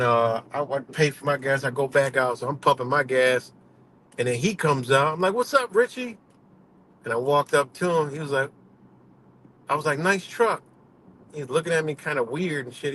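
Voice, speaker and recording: A man with a slightly bright, mid-range voice live streams from a moving vehicle on a highway, faint road and vehicle noise audible. Laughing often, he rambles through a casual story full of profanity.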